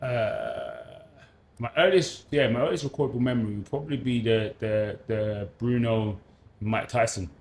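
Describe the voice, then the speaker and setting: A man's voice: medium pitch, very animated, moderate pace, darkish tone. A man in his thirties with a London accent, a sports presenter chatting as a podcast guest in a laid-back, slangy way, repeating phrases as he thinks. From South London, England. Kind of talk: casual podcast chat.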